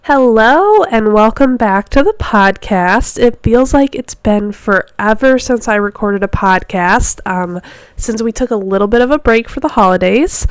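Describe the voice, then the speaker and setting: A woman's voice: on the high side, animated, unhurried, clean tone, no room sound, soft background music. A woman hosting her own podcast as a fitness coach, talking in a chatty, rambling way with lots of fillers. She sounds stuffy and nasal from a cold and gets a little short of breath. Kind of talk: casual solo podcast chat. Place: home office.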